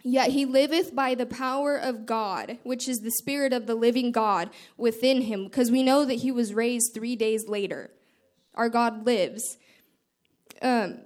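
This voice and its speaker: A woman giving an earnest, informal devotional talk, reading scripture aloud and explaining it with halting restarts. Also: on the high side. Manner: reads scripture aloud in a measured way. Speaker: speaker sharing scripture.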